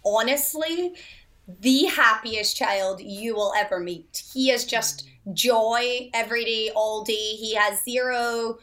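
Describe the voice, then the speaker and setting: Earnest woman guest, slightly high voice. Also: takes it slowly, bright, forceful tone. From Scotland. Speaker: podcast guest. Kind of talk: casual interview conversation.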